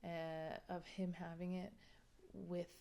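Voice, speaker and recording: A young woman rants through a book review, plainly exasperated and swearing freely. Her voice sits a little low for a woman. Now and then she sinks into a near-whisper to hammer a point home. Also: little pitch movement, takes it slowly, gravelly, warm tone. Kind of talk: casual ranting book review.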